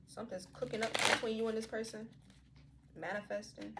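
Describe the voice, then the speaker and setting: A woman's voice: fairly high pitch, steady tone, a little fast, very noisy. A woman giving a casual tarot reading to her viewers, talking in a slangy, profane and playful way. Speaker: tarot card reader.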